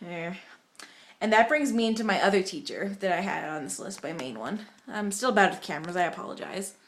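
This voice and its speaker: A woman's voice: on the low side, animated, fairly quick, a little hiss or hum. A young woman from the United States telling rambling stories to her webcam at home, chatty and full of fillers. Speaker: vlogger. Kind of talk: casual vlog storytelling.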